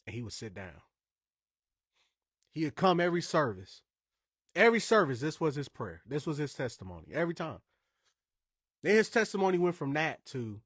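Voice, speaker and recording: Male podcast host from Indiana, casual and emphatic, slightly high voice, dry studio sound. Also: big pitch swings, normal speed, long pauses, fairly bright tone, breathy edge, no echo. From Indiana, USA. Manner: emphatic, conversational, wandering asides.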